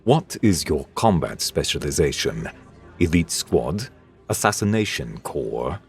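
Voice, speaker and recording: A man's voice: rumbling low, very animated, a little slow, vocal fry, husky, soft background music, heavily acted. A man voicing a stocky, four-eyed alien who asks blunt, curious questions. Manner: blunt questioning, plain phrasing.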